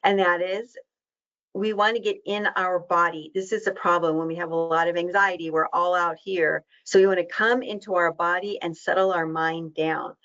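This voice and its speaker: A woman presenting a webinar as an educator, talking in a warm, encouraging and conversational way. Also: fairly low pitch. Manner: conversational with fillers and quick asides. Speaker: diabetes educator leading a webinar. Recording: dull, muffled lo-fi audio.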